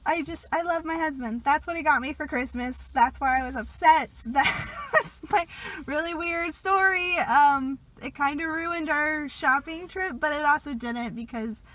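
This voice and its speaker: A young woman vlogging casually while sick, chatty, laughing often and trailing into soft asides. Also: high-pitched, a little slow, poor audio. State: sick, a bit congested. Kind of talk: casual confessional vlog.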